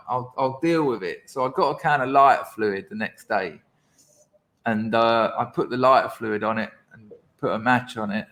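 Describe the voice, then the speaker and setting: A man as a podcast guest, telling a lively school anecdote in casual chat, laughing as he goes. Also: medium pitch. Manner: animated, laughing anecdote teller.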